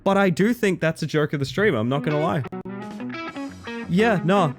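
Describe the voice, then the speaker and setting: Background music plays as a young man with a fairly high, expressive voice talks at normal speed. He's casually joking around with his stream audience during a game, poking fun at himself and laughing frequently.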